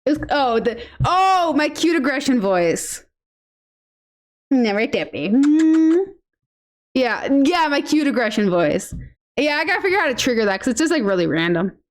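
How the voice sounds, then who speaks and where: Lively high-voiced woman streamer, chatty. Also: normal speed. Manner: chatty, swears casually, coos baby talk at pets. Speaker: gaming streamer. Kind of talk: casual gameplay commentary.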